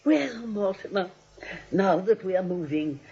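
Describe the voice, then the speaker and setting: An actress playing a kindly elderly spinster aunt with a breathy voice, speaking fondly and coaxingly in a vintage radio play. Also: female voice, mid-range voice, expressive, a little slow, mellow. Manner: fond and coaxing. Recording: muffled vintage radio broadcast.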